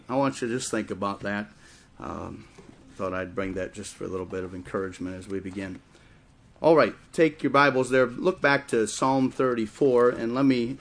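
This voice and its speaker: A man with a Wisconsin accent preaching a sermon, telling stories and slowing down and rising in volume for emphasis. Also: mid-range voice. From Chicago area, raised in Wisconsin. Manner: storytelling preacher, swells louder and slower for emphasis. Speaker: guest preacher.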